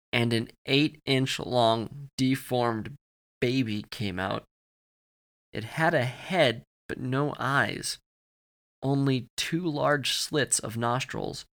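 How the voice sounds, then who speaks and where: Slow deadpan male narrator. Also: medium pitch. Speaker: narrator and player. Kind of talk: dramatic horror narration.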